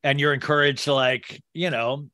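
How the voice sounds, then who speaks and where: A man's voice: mid-range voice, flat delivery, normal speed, bright, forceful tone, no room sound, clean studio sound. A man hosting a podcast, telling rambling self-mocking stories in casual chat and laughing as he goes. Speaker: podcast host.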